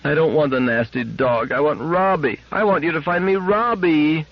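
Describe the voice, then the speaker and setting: A man voicing a tearful little girl who pines for her lost robot, high and pleading. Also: moderate pace. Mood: wailing. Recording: dull lo-fi sound.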